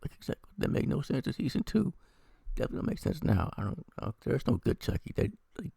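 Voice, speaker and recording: A man's voice: mid-range voice, huge pitch swings, rapid-fire, vocal fry, darkish tone, husky, dry recording, clean studio sound. A man from the American Midwest casually reviewing a TV episode while feeling unwell, rambling and sarcastic, with frequent swearing.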